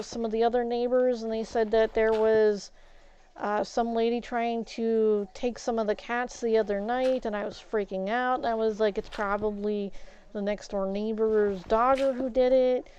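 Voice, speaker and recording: A woman streaming a game while telling a story in a casual way, getting loud and worked up as she recounts an argument and swapping curse words for "flip". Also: on the high side, muffled recording, slight background noise. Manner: animated, gets loud and agitated retelling a confrontation, swaps curses for "flip".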